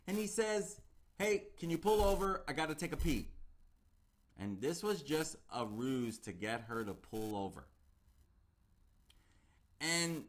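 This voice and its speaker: Slow, deliberate man recounting a crime. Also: on the high side, a bit bright. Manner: conversational, repeats key phrases for emphasis. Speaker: true crime channel host. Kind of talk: casual true-crime storytelling.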